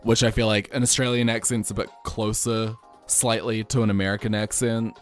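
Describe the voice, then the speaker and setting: Young NZ-accented male streamer, lowish voice, animated and giggly, faint music behind. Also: a little fast. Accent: New Zealand. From New Zealand. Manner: animated storyteller, laughs often, jumps up in pitch when excited. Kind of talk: casual chat.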